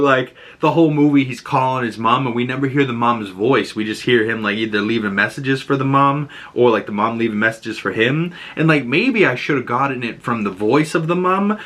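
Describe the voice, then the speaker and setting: A man giving a casual, animated movie review, chatty with lots of fillers and swearing. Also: medium pitch.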